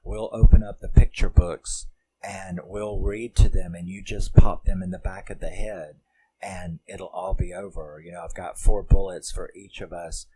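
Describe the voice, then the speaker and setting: A man voicing a desperate, crying father who pleads for help, in his own low, mellow voice. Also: fairly even intonation, moderate pace, breathy edge. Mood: pleading. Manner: pleading, broken.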